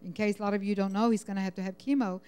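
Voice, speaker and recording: A woman sharing a personal prayer request at church, rambling and halting with many fillers, sounding overwhelmed and close to tears. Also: mid-range voice, steady tone, dark tone, clear, resonant tone, soft background music. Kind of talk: emotional personal testimony.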